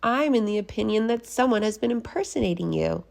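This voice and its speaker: A woman's voice: mid-range voice, animated, fairly quick, gravelly, a little mellow, voice pushed up. A woman voicing a fussy, oblivious male school principal in a storybook reading, with a raised, prim voice.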